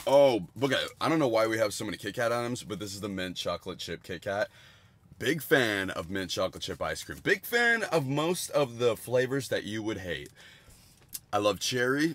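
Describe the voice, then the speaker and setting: A young man with a slightly low voice chats his way through a candy taste test on a home stream. He rambles, swears freely and jumps into loud, excited outbursts between mumbled asides. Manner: rambling, crude and jokey, with bursts of excitement. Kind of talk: casual livestream food review.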